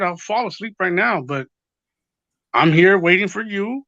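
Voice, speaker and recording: Casual podcast guest, male, bright higher voice, profane storyteller, dry lo-fi sound. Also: animated, measured pace, creaky, dry recording. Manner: rambling, profane, retells quotes. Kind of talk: casual chat.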